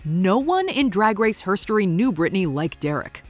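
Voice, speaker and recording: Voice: medium pitch, moderate pace, faint music behind. Wry voice narrating a countdown video. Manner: wry, lively commentary. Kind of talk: scripted narration.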